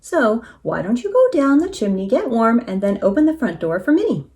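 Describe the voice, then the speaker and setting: A cheerful, scheming storybook cow, as a woman reading aloud plays her, eager and sure of herself. Her voice is high and rises and falls with great energy. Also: big pitch swings, brisk, darkish tone. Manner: eager, confident. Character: cheerful, scheming female cow full of ideas.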